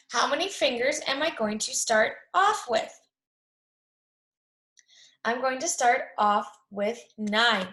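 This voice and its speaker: Woman, teacher, slow, clear, encouraging, echoey room. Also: high voice, sharp tone. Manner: slow, clear, encouraging, asks questions then answers them. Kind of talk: remote math lesson for young children.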